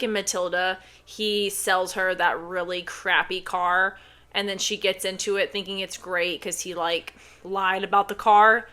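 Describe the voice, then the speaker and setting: A young woman reacts to footage in a loose, animated way, blunt and quick with sarcastic asides. Her voice is bright and forward. She talks at an ordinary middle pitch. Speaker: reaction video host, former gymnast. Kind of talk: casual reaction commentary.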